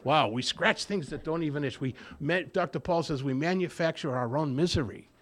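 A man's voice: fairly high pitch, a little fast. A man speaking at a recovery meeting, telling his story to the group and acting out the voices in remembered conversations. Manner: storytelling that acts out both sides of remembered dialogue. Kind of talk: personal recovery talk to a group.

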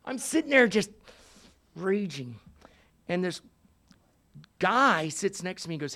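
A man in his sixties with a notably high voice tells a personal recovery story. He is animated and profane, dropping into hushed asides and then rising to loud bursts. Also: moderate pace. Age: 60s. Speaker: recovery meeting speaker. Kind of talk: storytelling talk.

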